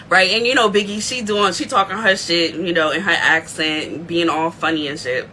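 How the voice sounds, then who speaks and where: A woman hosting a casual recap show, telling the story in an excitable, animated way. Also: on the low side, normal speed, few pauses, slight background noise, low-quality recording. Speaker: aftershow recap host.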